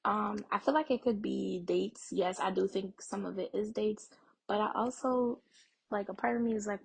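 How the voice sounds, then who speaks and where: This is a young adult woman hosting a reaction video, her voice slightly husky and breathy at an ordinary middle pitch. She talks straight to her audience in a relaxed, conversational way. She muses through her theories with frequent fillers. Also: moderate pace, low-quality recording. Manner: chatty, addresses viewers directly, thinks aloud with fillers. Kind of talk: casual TV reaction commentary.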